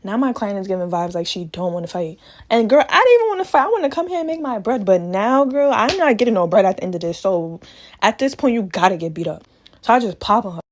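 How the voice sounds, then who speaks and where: A woman's voice: mid-range voice, sing-song, fast talker. A young woman telling a dramatic storytime in casual slang, acting out the quotes.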